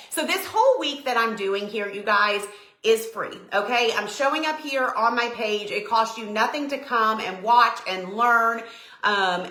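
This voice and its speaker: A woman's voice: fairly high pitch, pushed and bright. Bubbly Southern woman live-streaming. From Tennessee, USA. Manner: bubbly, chatty, greets viewers by name. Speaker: decor business owner hosting a live stream. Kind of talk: casual live-stream chat. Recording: echoey room.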